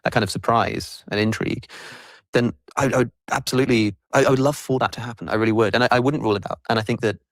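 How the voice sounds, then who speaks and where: A man argues his point in a debate. He speaks extremely quickly and articulately, restarting a phrase now and then. The recording is dry, with no room echo. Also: medium pitch, steady tone, a bit bright. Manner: rapid, articulate reasoning with small restarts. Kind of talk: debate argument.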